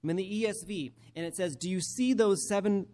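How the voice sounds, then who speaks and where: A male preacher giving a sermon and reading scripture aloud, emphatic and slowing down to stress key phrases. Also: high voice, mellow.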